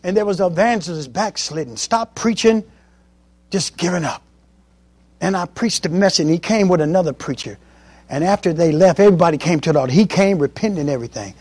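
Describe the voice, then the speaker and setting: A man's voice: sits high, animated, fairly quick, a little mellow, dry recording. A male preacher giving a testimony sermon, telling stories with emphasis. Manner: emphatic storytelling.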